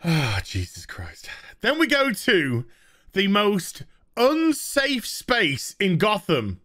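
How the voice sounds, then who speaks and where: A man's voice: high voice, huge pitch swings, slow pace, pushed and bright. Sarcastic English man reviewing TV. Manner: mocking, exasperated, laughing. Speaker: host.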